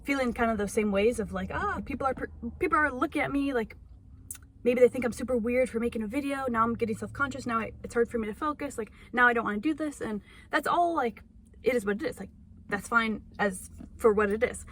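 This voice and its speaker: A woman's voice: a little high, a little fast, fairly bright tone, a little hiss or hum. A young woman vlogging from inside a parked car, rambling and self-conscious with lots of fillers, talking into her phone. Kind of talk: casual vlog monologue.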